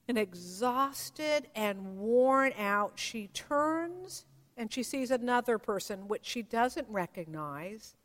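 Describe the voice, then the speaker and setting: Slow, high-voiced woman preaching in a hall. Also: sing-song. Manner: slow, reflective storytelling with dramatic pauses. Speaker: pastor. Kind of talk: sermon. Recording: long reverb of a large hall.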